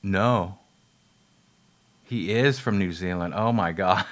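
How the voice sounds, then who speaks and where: A man's voice: deep voice, slow pace, a bit bright. A man casually talking about a film he watched, rambling with many fillers and restarts, laughing at himself and swearing now and then. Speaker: film reviewer. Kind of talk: rambling casual movie talk.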